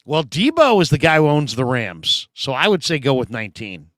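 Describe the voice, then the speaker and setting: With big swings in pitch, a man with a mid-range, slightly bright voice talks football at a normal pace on a casual sports show. He reads out viewer comments and adds playful asides, recorded at studio quality without room sound.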